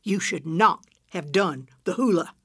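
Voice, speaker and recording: A woman playing a prim old lady with a slightly lower, composed voice and unhurried, deadpan put-downs. The delivery is slow and dry, recorded close. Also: husky, no room sound, heavily acted. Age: 70s.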